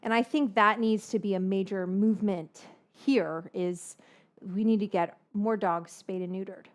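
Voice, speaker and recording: A woman's voice: mid-range voice, fairly even intonation, unhurried. A woman, likely in her thirties, hosting a cooking livestream in a rambling, casual way and swearing freely. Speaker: livestream host baking from her cookbook.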